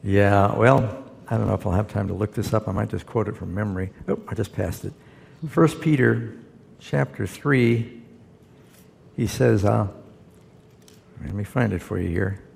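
A man's voice: lowish voice, normal speed, vocal fry, long pauses, darkish tone, long reverb tail. A man, a pastor, answering Bible questions in a folksy, storytelling way. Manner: folksy storytelling, quotes scripture. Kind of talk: conversational Bible Q&A.

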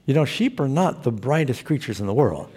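A man's voice: mid-range voice, very animated, fairly quick, dark tone, breathy edge. A man preaching a sermon, telling stories with humor and putting rhetorical questions to his congregation. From Southern California. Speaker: pastor.

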